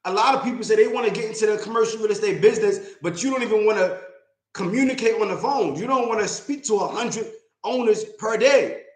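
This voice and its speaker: A man's voice: sits high, quick pace. Blunt, emphatic man in an echoey room. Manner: blunt, emphatic, repeats points. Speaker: real estate investor and mentor. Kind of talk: livestream talk.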